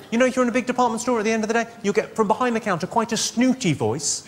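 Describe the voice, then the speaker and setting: A man doing a stand-up routine in a deadpan, sardonic way, breaking into profane outbursts, with loud audience laughter behind him. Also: high-pitched, rapid-fire, hardly any pauses, noisy background. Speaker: stand-up comedian. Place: comedy stage before a live audience.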